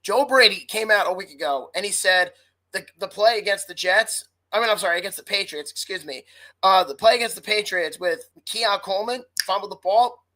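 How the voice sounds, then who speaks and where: A woman's voice: medium pitch, a little fast, bright, forceful tone, poor audio. A woman co-hosting a sports podcast, ranting hotly and swearing freely in casual talk. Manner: heated, profane ranting. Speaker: podcast co-host.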